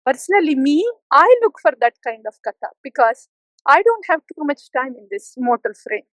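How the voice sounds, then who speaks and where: A high-pitched woman gives a devotional talk, teasing her listeners and then pressing them to take it seriously. Her voice sounds dry and close, with almost no room in it. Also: sing-song, normal speed, no room sound, poor audio. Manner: playful, mimics complacent listeners with soft laughs. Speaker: spiritual teacher.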